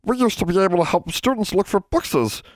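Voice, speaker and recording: A wistful, droopy-eared male elf from a storybook, with a high, oddly colored voice that sinks to a hush. He talks in broken, quaint grammar, played by a male narrator. The recording is close and dry. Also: animated, brisk, dry recording. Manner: ungrammatical, drops to a hush.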